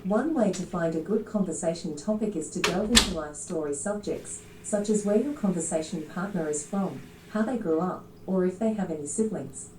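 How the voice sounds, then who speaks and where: A female voice assistant reading out a web tip in an even, synthetic delivery. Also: on the low side, moderate pace, hardly any pauses, very noisy. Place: room with a pool table. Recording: echoey, from a smart speaker.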